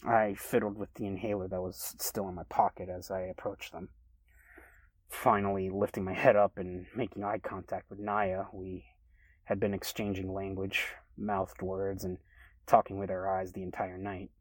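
A man reading a first-person story aloud in a relaxed, conversational way. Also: low-pitched, moderate pace, dry recording, rough recording. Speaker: story reader.

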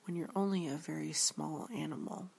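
A woman reading the part of a very small, timid male piglet, soft and whispery. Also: low-pitched, fairly even intonation, moderate pace, vocal fry, husky, heavily acted.

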